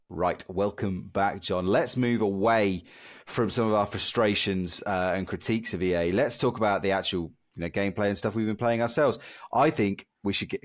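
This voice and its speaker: A man co-hosting a gaming podcast, talking in a casual, self-deprecating way. His voice sits very low and steady. He chats easily with his co-host about his matches. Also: normal speed. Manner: chatty, self-deprecating, reads sponsor spots.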